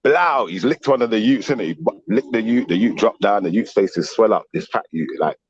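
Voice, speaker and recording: A middle-aged man, telling a story in animated street slang on a casual stream panel. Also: lowish voice, fairly quick, breathy edge, lo-fi sound. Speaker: panel guest.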